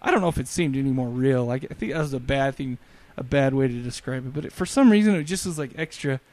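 A man hosting a podcast, chatting casually about a film, animated and joking with quick asides. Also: mid-range voice. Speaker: podcast host. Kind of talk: casual movie review chat.

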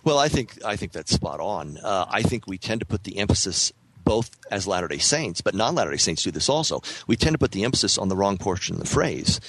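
Low-voiced man, measured and thoughtful. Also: very animated, fairly bright tone, no echo, low-quality recording. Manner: thoughtful, measured, with frequent fillers and restarts. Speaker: author guest on a podcast. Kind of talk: casual podcast conversation.

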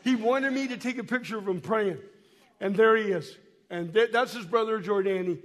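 A man who works as a missionary, telling stories to a congregation in a folksy way while showing photos, hoarse and coughing from a cold. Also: sits high, normal speed, in a large hall. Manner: folksy, repeats and restarts words, speaks directly to the congregation. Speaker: missionary guest speaker. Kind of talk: storytelling talk to a church while showing photos. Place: church hall.

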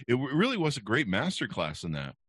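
A man's voice: mid-range voice, huge pitch swings, a little fast, a bit bright, slightly rough, no echo, studio quality. A man hosting an interview podcast, offering long rambling praise of his guest. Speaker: podcast host.

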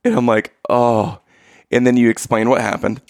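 Gravelly-voiced man, teasing storyteller. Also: medium pitch, level tone, fast talker, no echo, studio quality. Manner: teasing, playful questioning. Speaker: podcast co-host, youth coach. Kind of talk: casual chat.

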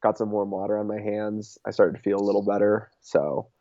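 A young man chats easily in an interview, his voice sitting a little low and sounding warm and dark. He leans on filler words and laughs often. The recording is dry and somewhat muffled. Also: flat delivery, a little fast, dry recording. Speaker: interviewed race champion. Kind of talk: casual interview chat.

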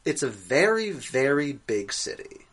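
Animated joking male podcast co-host. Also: mid-range voice, a little slow. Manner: joking, animated, laughs often. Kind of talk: casual chat.

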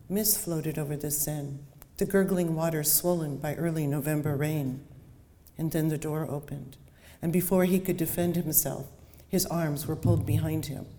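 A woman author with a low, warm, mellow voice, reading steadily and then chatting with a few fillers. Her voice rings through a large hall with a long reverb tail. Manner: chatty, with fillers and restarts when talking. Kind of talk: reading aloud then talking about her book.

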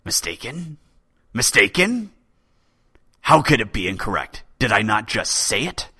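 A man voicing an aging, hot-tempered male chief poet with a thin, raspy voice, booming and imperious. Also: expressive, moderate pace, pushed and bright, dry recording, studio quality, heavily acted. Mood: furious.

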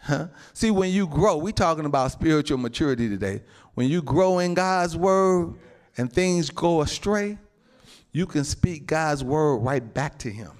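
A male pastor preaching a sermon, animated, often calling out to the congregation and breaking into shouts and laughs. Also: on the high side, measured pace. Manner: calls out to the congregation.

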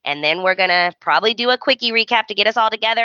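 Bright, animated woman recapping with flair. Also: a little high, racing, lo-fi sound. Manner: animated storytelling, acting out characters' lines. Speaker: podcast co-host. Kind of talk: casual recap chat.

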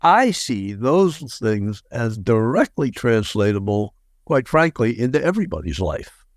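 Older male guest, lively wry storyteller, very dry close sound. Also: mid-range voice, measured pace, no echo. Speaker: guest, former prisoner of war and motivational speaker. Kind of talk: storytelling interview answers.

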